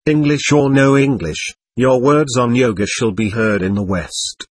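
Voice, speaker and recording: A man voicing a calm elderly spiritual master in an audiobook memoir, speaking plainly and with assurance. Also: mid-range voice, a little slow, slightly rough, dry recording. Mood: assured.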